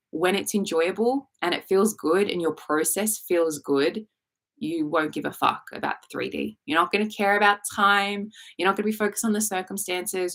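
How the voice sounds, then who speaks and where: On a live stream, a manifestation coach speaks bluntly and sassily, swearing freely and acting out quoted inner thoughts. Her voice is fairly low in pitch and a bit bright.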